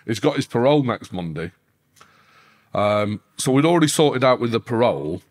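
A man, a guest on a podcast, telling his side of a story with a mid-pitched voice. He curses through almost every sentence and shoots up in pitch whenever he gets heated. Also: normal speed. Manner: sweary, animated, pitch leaps up when worked up. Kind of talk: casual storytelling interview.

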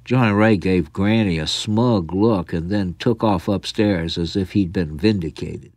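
A man's voice: deep voice, a little slow, darkish tone, dry recording. A man from the South, reading his own short story in a dry, wry storytelling manner. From American South. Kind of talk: storytelling narration.

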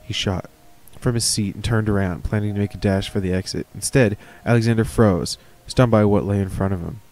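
A man's voice: lowish voice, fairly even intonation, brisk, darkish tone. A man reading a horror story aloud, with casual, chatty asides. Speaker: reader of stories.

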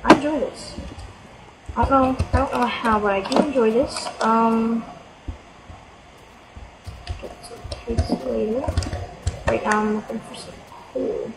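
A woman giving casual, chatty gameplay commentary as a let's player, quick to exclaim and mock herself. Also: a little high, steady tone, vocal fry. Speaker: let's play gamer. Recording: noisy homemade mic recording.

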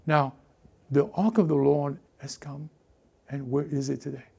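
A man preaching a lively sermon as pastor, often repeating himself and acting out what people say. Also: on the high side, a little slow, vocal fry, slightly rough. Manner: animated, repeats words, acts out characters. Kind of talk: lively sermon with acted-out voices.

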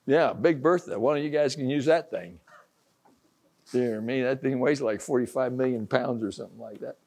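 A man's voice: medium pitch, moderate pace, a little mellow. An older man from Ohio preaching an informal sermon, folksy, telling stories and acting out the voices he quotes.

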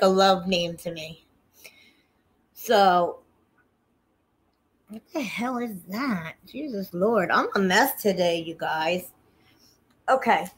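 A woman's voice: mid-range voice, a bit bright. A woman hosting a casual livestream, chatty and profane, greeting viewers by name as she tells stories. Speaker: livestream host.

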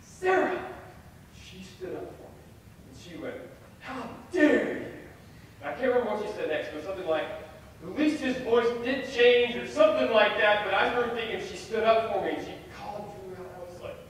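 A young man telling a self-deprecating, animated story as a chapel speaker. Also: high-pitched, fast talker, slight background noise. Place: large hall. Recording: echoey hall from far off.

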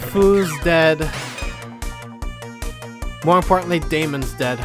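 A woman reacting emotionally to a video game ending, excitable and swearing freely. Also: on the low side, extremely slow, long pauses, music in the background. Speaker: let's play streamer. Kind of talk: gameplay reaction commentary.

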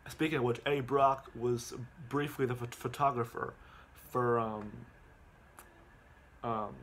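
A man's voice: medium pitch, steady tone, unhurried, a bit bright, a little hiss or hum. A man casually recapping a movie at home, stumbling over his words with lots of ums and repeats.

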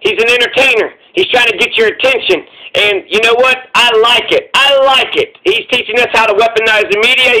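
A man's voice: sits high, bright, forceful tone, rough recording. A man hosting his own channel, delivering a heated, profane political rant full of repetition. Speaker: commentary channel host.

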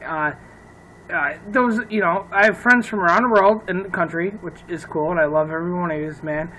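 A man's voice: high-pitched, brisk, bright, forceful tone, slight background noise, rough recording. A man from upstate New York ranting on his own vlog, swearing freely and laughing at his own jokes. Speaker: vlogger.

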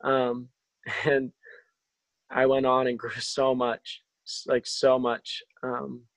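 A young man sharing a personal faith testimony over a video call, halting, with many restarts and fillers. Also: mid-range voice, flat delivery, no echo, low-quality recording. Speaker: testimony speaker.

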